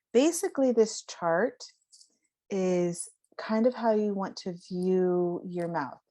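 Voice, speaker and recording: Slow, low-voiced woman teaching a lesson. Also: a little mellow. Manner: slow and explanatory, frequent fillers, stretches out example words. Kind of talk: casual spoken lesson.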